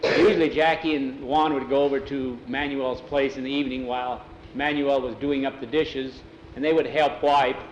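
A man telling a story aloud in a relaxed, folksy way, dropping into broken-English voices for the characters. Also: medium pitch, normal speed. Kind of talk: oral storytelling, voicing characters. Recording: roomy, faint ambient noise.

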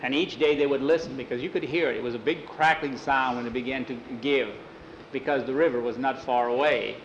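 A man telling a story aloud in a folksy, unhurried way, with small restarts and slips. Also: mid-range voice, steady tone, dull audio, a little hiss or hum. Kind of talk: casual oral storytelling.

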